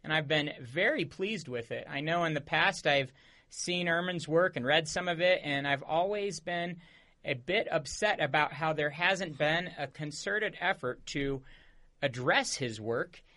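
A male radio host greets and thanks his guest with eager enthusiasm. His voice is bright and forceful, pitched a bit high for a man, and he leans into his words with keen energy. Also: measured pace. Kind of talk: radio interview hosting.

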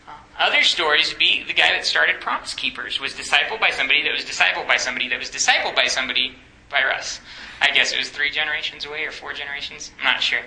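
A man's voice: fairly high pitch, creaky, bright, forceful tone, roomy sound, slight background noise, poor audio. A young man on a campus ministry staff, teaching a Bible study in a conversational way, asking the group questions and joking.

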